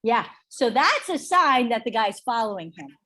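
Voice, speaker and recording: A middle-aged woman leading a real estate sales training, chatty and energetic, telling stories to the room. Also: on the high side, moderate pace. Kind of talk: training workshop talk.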